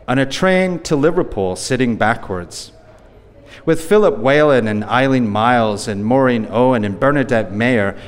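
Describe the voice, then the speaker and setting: A man giving a live poetry reading, with a rhythmic, repetitive delivery. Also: medium pitch. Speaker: poet. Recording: long hall reverb.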